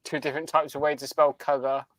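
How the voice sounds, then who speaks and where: A man's voice: fairly high pitch, level tone, quick pace, a bit bright, no room sound. An English man with a southern accent, a podcast co-host explaining things in casual chat over a video call, often restarting his sentences. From Northumbria, England.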